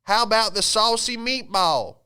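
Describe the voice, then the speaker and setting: A man's voice: sits high, a little slow, sharp tone, clear, resonant tone, voice pushed up. A man putting on a twangy, folksy restaurant manager.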